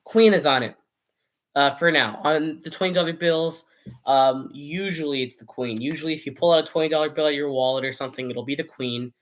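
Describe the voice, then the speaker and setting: Talking into his camera mic, a man from Canada gives his opinions in a casual vlog, wandering off track, debating imaginary viewers, and shifting positions midway while showing items on camera. He speaks on the high side and a little fast.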